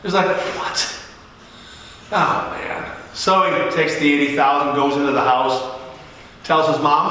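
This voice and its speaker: A middle-aged pastor tells stories in a sermon, putting on the voices of the people in them. His voice is high and bright. It carries through a large church hall, with long reverb, picked up from a distance. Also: measured pace. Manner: joking, animated storyteller who acts out dialogue. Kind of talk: storytelling sermon.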